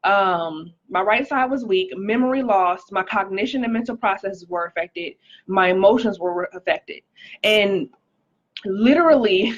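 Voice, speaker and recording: A woman's voice: medium pitch, measured pace, lo-fi sound. A woman speaking casually on a livestream, sharing a personal testimony and greeting viewers by name, with frequent "like" and "um". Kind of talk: casual live-stream testimony.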